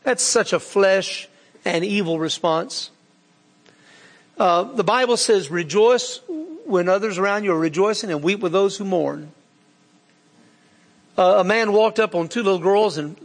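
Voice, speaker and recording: A man delivers a sermon with a folksy, earnest manner. His voice sits notably high. It carries a long, lingering hall reverb. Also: measured pace. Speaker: preacher.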